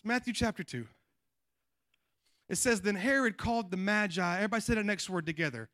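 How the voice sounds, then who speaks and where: A man preaching a sermon to a congregation, swinging between loud emphatic peaks and quiet, low passages, and calling on the people to answer back. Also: expressive, fairly quick, no room sound, studio quality. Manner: calls on the congregation to respond. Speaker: pastor.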